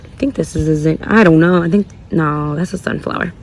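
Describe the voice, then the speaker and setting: A woman's voice: sits low, a little fast, slight background noise. A woman giving a casual garden tour vlog outdoors, chatty and rambling, thinking aloud and correcting herself as she goes. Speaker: gardening vlogger.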